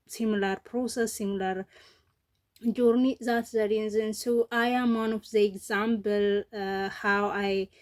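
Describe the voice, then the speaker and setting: A young woman YouTuber, not a native English speaker, talking casually and earnestly to her viewers in halting English with many restarts. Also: medium pitch, steady tone. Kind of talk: casual vlog talk to viewers.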